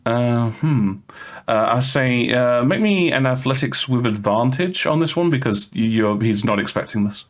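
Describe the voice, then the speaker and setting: A man's voice: mid-range voice, expressive, moderate pace, slight background noise. A man running a tabletop game as game master, often stammering and repeating words as he narrates and calls for rolls.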